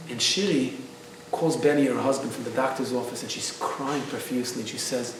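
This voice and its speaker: A man's voice: medium pitch, normal speed, fairly bright tone, a little hiss or hum. A man giving an inspirational religious class, telling a story earnestly and mixing in Hebrew phrases. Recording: echoey hall, distant mic.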